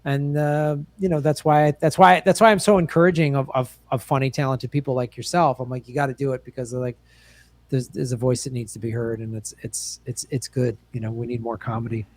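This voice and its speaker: A man's voice: medium pitch, flat delivery, brisk, dry recording. A man appearing as a comedy podcast guest who speaks earnestly and encouragingly, often repeating words as he thinks. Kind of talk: podcast interview chat.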